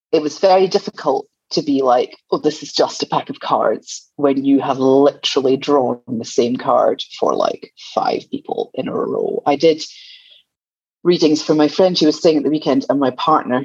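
A woman from the UK, a guest on a podcast, recounting stories and slipping into lively quoted voices. Her voice is a bit husky and the line sounds slightly dull and dry. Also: sits low, no echo. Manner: storytelling, animated quoted asides. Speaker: guest author. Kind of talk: casual conversational interview.

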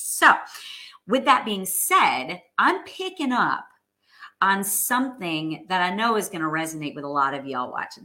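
A woman's voice: medium pitch, pushed and bright. A woman, hosting a casual live stream, chatting with viewers, greeting them by name and filling in with lots of ums and restarts. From New York. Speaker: host of live stream, sales coach.

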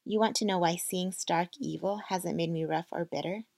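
Woman reading as Miss Alice, a steady, earnest mentor. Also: fairly low pitch, moderate pace, gravelly, no echo, clean studio sound. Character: calm, steady female mentor, speaking from hard experience.

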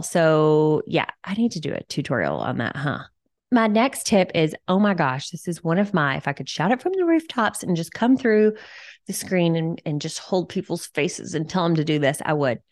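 A woman's voice: low-pitched, very animated, normal speed, no echo, studio quality. A woman hosting her own podcast, giving tips in a chatty, enthusiastic way with lots of casual fillers. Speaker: podcast host.

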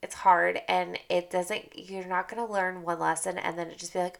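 Female podcast host, candid and chatty, slightly gravelly voice, leans on repetition. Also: fairly low pitch, little pitch movement, normal speed, few pauses. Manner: candid, chatty, repeats phrases for emphasis. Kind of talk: casual motivational monologue.

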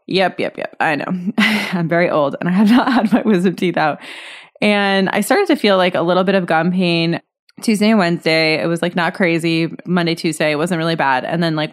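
A woman in her thirties talks straight to her listeners in a solo podcast episode. Her voice sits a little low, and she rambles candidly, full of "like" and self-corrections. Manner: candid, chatty, many fillers and restarts. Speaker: podcast host.

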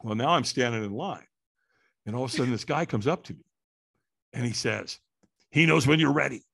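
A man telling a story in an animated way, acting out the quotes and sounds. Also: mid-range voice, brisk, vocal fry, husky. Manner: lively, acts out quotes and sounds.

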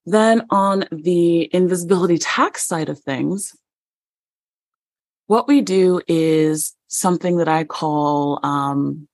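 A woman guest on a podcast, a published writer, telling a story in a lively way and acting out the dialogue with small laughs. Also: lowish voice, slow pace, no room sound. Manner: animated, acts out dialogue in stories, frequent restarts and light laughs.

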